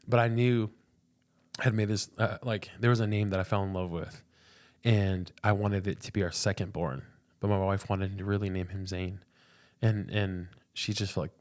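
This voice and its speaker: A man's voice: lowish voice, fairly even intonation, normal speed. A young man and pastor, a podcast guest, telling a personal faith story in an earnest, casual way, often repeating words and saying "dude".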